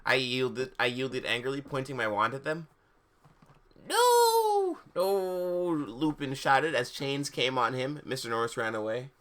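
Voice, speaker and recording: A man's voice: mid-range voice, fairly even intonation, normal speed, hardly any pauses, bright, forceful tone. A man reading fan fiction aloud on a live stream, breaking off for sarcastic, incredulous asides. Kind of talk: mocking dramatic reading with commentary.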